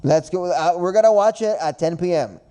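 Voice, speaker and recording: A man's voice: sits high, brisk, mellow. A man hosting a podcast in casual chat, rambling and repeating himself with frequent laughs. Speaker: podcast host.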